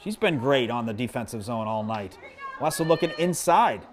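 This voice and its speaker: A man doing live play-by-play commentary at a high school field hockey game, chatty and self-deprecating, joking with the viewers between plays. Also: animated, normal speed. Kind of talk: live local sports commentary. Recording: crowd noise behind.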